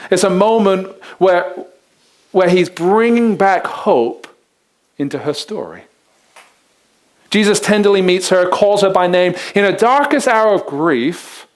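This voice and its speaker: High-voiced earnest male pastor. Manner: conversational, earnest, repeats words as he starts sentences. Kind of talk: sermon.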